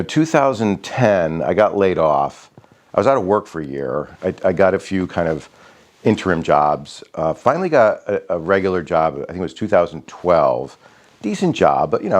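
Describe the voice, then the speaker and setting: A middle-aged man telling a rambling, casual story about his backyard, with many fillers and restarts. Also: low-pitched. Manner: rambling, many fillers and restarts, animated when quoting others.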